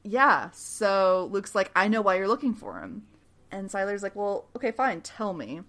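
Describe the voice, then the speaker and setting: At normal speed and a mid-range pitch, a woman hosts a podcast recapping a TV episode in relaxed conversation. She brings the quotes to life and laughs often.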